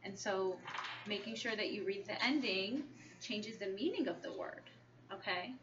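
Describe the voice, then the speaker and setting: A woman's voice: mid-range voice, moderate pace. A woman teacher leading a small-group reading lesson, patiently asking questions and coaxing the children to answer. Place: classroom. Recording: echoey, distant, dull, noisy classroom recording.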